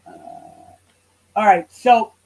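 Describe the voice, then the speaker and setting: A woman's voice: takes it slowly, a little mellow, rough recording. A woman livestreaming on her channel, ranting in a casual, profane and heated way and now and then drifting away from the mic. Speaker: YouTube livestreamer.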